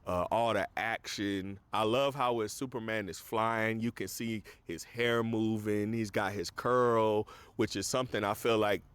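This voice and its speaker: A man's voice: on the low side, fairly even intonation, measured pace, hardly any pauses, fairly bright tone, clear, resonant tone, dry recording. A man hosting a casual film review, recapping the plot in a loose, rambling way with lots of fillers and popping his voice up to act out quoted lines. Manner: acts out quoted lines in a raised voice.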